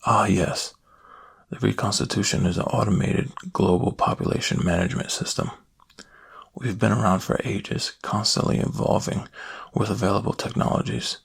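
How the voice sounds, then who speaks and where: A man doing a gruff older Scottish scientist, whispered role-play. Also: on the low side, fairly even intonation, normal speed, heavily acted. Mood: explaining. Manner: brusque, defensive, then lecturing. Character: frantic older male scientist in a bunker.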